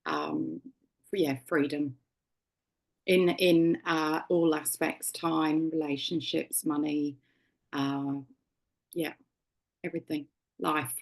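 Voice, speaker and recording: Give me a woman workshop participant speaking slowly and hesitantly in a low, flat voice. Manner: hesitant, halting.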